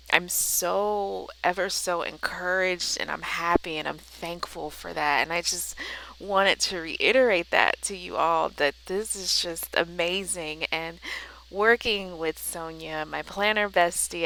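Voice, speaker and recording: A woman's voice: on the low side, pushed and bright, low-quality recording. A woman vlogging about Bible journaling, talking in an earnest, encouraging, faith-filled way. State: tearful. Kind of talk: heartfelt casual vlog talk.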